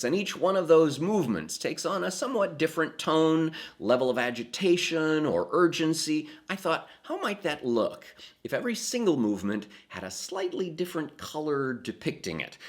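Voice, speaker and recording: Male presenter, mid-pitched voice with a lot of melodic movement, measured and emphatic, reading a prepared talk. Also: fairly bright tone. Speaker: theatre presenter. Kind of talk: scripted explanatory narration.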